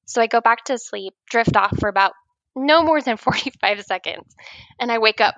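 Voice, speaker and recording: A woman in her thirties tells a wild story in a lively, laughing way. Her voice sits a little high, and she slips into loud acted-out lines. The sound is dry and close. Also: normal speed, dry recording. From Oregon. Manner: animated, laughing, acts out her own shouting. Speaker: guest writer. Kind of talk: casual storytelling chat.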